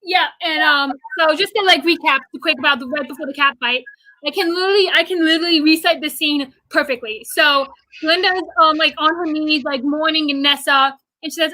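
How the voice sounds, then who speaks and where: Bright, high-voiced young woman. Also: dry recording, rough recording. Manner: quick, excited recounting with many fillers. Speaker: guest, theater fan. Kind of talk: casual livestream chat.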